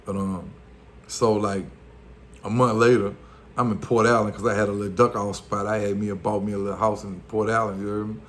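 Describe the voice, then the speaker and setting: Low-voiced Louisiana man telling a street story. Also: little pitch movement, brisk, a little hiss or hum. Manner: loose street slang, fillers, acts out quotes. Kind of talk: casual storytelling.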